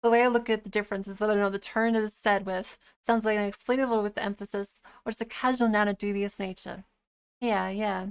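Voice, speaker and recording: A woman's voice: mid-range voice, fairly even intonation, quick pace, clear, resonant tone. Blunt, swearing woman streamer. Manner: blunt, swears freely, laughs often. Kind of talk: casual live-stream chat.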